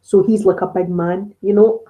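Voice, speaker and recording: A middle-aged Scottish woman hosts a relaxed live-stream chat on her ASMR channel. Her voice is mellow and warm, and her pitch sits in an ordinary middle range. She tells stories in a chatty way, laughing often as she goes. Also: moderate pace, rough recording. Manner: chatty storytelling, frequent laughs.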